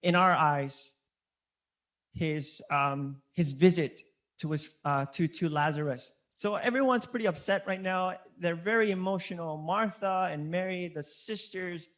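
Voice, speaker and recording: A man's voice: high voice, unhurried, fairly bright tone. A male pastor preaching a sermon in an earnest, conversational way, often repeating key words for emphasis. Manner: conversational preaching with many restarts.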